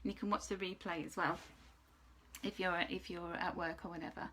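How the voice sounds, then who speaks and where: A woman giving a chatty, rambling angel card reading, sometimes dropping into soft whispered asides. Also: lowish voice, fairly even intonation, a little fast. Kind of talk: casual spiritual card reading.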